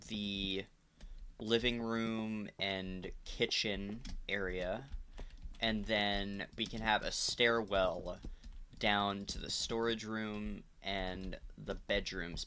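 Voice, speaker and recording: A man's voice: lowish voice, bright, forceful tone, a little hiss or hum. A man casually commenting as he plays through a sandbox game, rambling and blurting out profanity. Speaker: let's play host.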